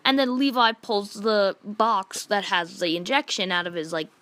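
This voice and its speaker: In a mid-range, steady and fairly bright voice at normal speed, a woman who reviews manga rants casually about what happened. She sounds exasperated and indignant, rambling through the retelling and saying "like" constantly.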